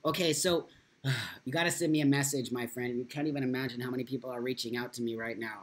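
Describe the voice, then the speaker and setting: A man's voice: mid-range voice, steady tone, quick pace. A man talks straight to his viewers on a casual live stream. He speaks with strong feeling, curses often and reads out their comments as he goes. His delivery is loose and unscripted. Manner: impassioned, swears freely.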